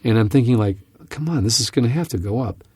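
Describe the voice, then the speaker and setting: A man teaching from scripture on a podcast, telling a personal story in an earnest, animated way. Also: medium pitch, fast, husky, no echo, studio quality. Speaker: Bible teacher and podcast host.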